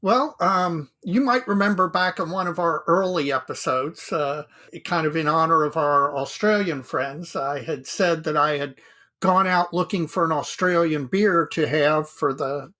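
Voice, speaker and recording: A man's voice: a little high, bright, forceful tone. Easygoing, self-deprecating male podcast co-host. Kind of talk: casual hobby podcast chat.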